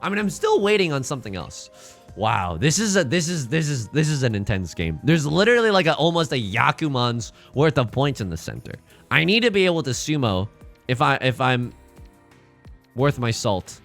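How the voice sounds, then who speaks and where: A man streaming a live card-and-tile game, commenting in a jokey, animated way with dramatic outbursts. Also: mid-range voice, normal speed, vocal fry, soft background music.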